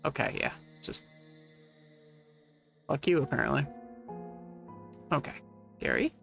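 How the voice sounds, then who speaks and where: A woman's voice: very deep voice, animated, takes it slowly, gravelly, fairly bright tone. Wry, sweary woman game streamer. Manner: reads game text aloud, wry and sweary. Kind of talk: casual gameplay commentary. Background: faint game music.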